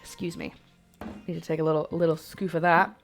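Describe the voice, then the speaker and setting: A woman's voice: low voice, level tone, fast, gravelly, faint music behind. A woman hosting a casual cooking livestream from her home kitchen, rambling cheerfully and answering her chat aloud. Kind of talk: casual live-stream chat while cooking.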